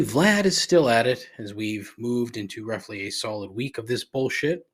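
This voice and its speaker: A man's voice: mid-range voice, animated, normal speed, creaky, hardly any pauses, husky. Profane grumbling podcast host, man. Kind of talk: solo podcast monologue.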